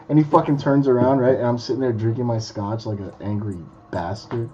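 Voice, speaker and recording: A man's voice: mid-range voice, fairly even intonation, fairly quick, warm tone, muffled recording, slight background noise. A man who is a magician, telling stories bluntly and swearing freely in a casual podcast chat. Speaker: guest magician.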